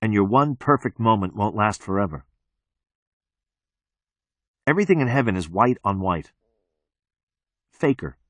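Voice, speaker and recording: A man narrating an audiobook in the first person, with a flat, detached delivery. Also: fairly low pitch, moderate pace, long pauses, no echo.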